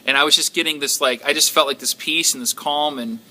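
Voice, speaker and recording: Guy telling his prayer group a testimony, really bright tense voice, halting, lots of ums. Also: fairly high pitch, fairly even intonation. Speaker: church member sharing a testimony.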